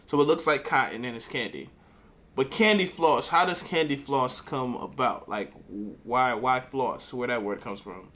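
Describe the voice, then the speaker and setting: A man's voice: mid-range voice, normal speed, a bit bright. A man with a New York accent hosting a reaction video, talking loosely in street slang and speaking straight to his viewers. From Harlem, New York. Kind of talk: casual reaction commentary.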